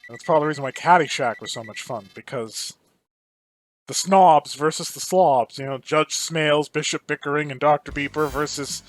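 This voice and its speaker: High-voiced man ranting over a game. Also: moderate pace, low-quality recording. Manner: rambling, profane, digressive. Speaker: gaming channel host. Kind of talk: let's-play commentary. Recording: game music playing underneath.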